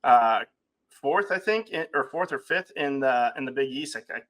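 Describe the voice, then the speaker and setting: A man's voice: mid-range voice, expressive, moderate pace, a bit bright. A man hosting a podcast interview, asking long questions with many "uh"s and restarts. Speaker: podcast host.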